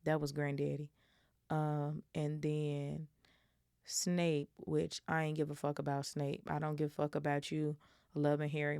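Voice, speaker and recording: Chicago lady reading a book on her podcast, low gravelly voice, dry close mic. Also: dark tone, dry recording. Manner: blunt, profane, chatty. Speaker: podcast host reading aloud. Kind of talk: casual book-club reading and chat. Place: home, seated in a squeaky chair. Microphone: studio microphone.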